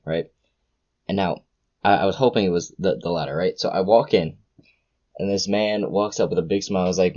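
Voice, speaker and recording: A young man hosting a casual podcast chat, an excitable storyteller who gushes with exclamations. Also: sits low, normal speed, highs cut off. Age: young adult. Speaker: podcast host.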